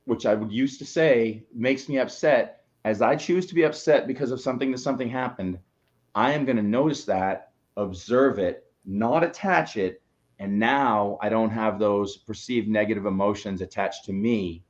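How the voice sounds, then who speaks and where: A man's voice: fairly low pitch, moderate pace. Emphatic man coaching on a dull line. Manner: emphatic, preachy, swears. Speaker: co-host, coach. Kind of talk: motivational live show talk.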